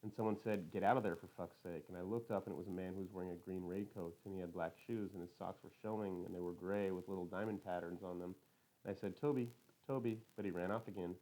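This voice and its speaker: Guy reading an audiobook in first person, fast and literal, lowish mellow voice. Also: flat delivery, low-quality recording. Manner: literal, matter-of-fact, detailed. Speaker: audiobook narrator.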